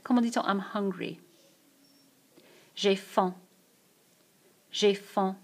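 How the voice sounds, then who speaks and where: A woman walks through French vocabulary in a recorded lesson, at an unhurried pace with clear pauses. Her voice sits at an ordinary middle pitch. She says each phrase, then says it again for her students. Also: fairly even intonation, a little mellow. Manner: slow, repeats each French phrase twice. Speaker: French teacher. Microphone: tablet mic.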